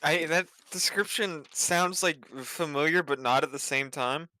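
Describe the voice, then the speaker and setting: A young man chats as a player at a tabletop game, asking quick, eager questions. His voice is bright and sharp in tone, set a little higher than most. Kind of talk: casual tabletop game chat.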